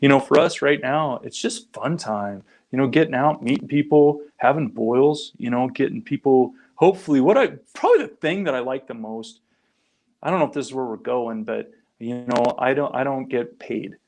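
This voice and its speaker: Appearing as a podcast guest in a relaxed storytelling interview, the middle-aged founder of a crayfishing group speaks at a moderate pace in a medium-pitched, darkish voice. His anecdotes ramble, with frequent restarts and small acted quotes.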